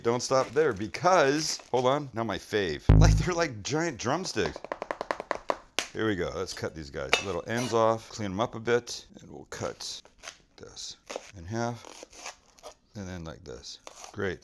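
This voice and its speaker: A man's voice: fairly low pitch, noisy background. A middle-aged man hosting a casual cooking vlog from a hotel room, chatty and joking as he chops. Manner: joking, chatty, talks while cutting. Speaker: cooking show host.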